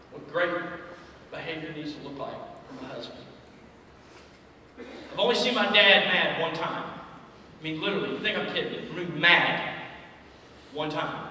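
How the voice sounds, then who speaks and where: A man's voice: on the high side, sharp tone. A man speaking as a son at a memorial, telling affectionate, humorous stories about his father. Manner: affectionate, joking storyteller. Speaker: son giving a eulogy. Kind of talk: memorial tribute speech. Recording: echoey hall, distant mic, background noise.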